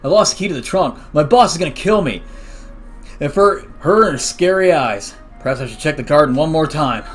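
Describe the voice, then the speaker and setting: Young guy doing game commentary, bouncy lively voice, kinda high, faint game music behind. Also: a little fast. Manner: chatty, animated, excitable reactions. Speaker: let's play host. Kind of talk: casual game commentary, reading dialogue aloud.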